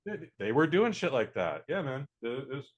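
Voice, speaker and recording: A man's voice: mid-range voice, sing-song, moderate pace, dull audio. Rambling podcast guy reviewing a movie. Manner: rambling, lots of fillers and restarts. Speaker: podcast co-host. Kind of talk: casual movie review chat.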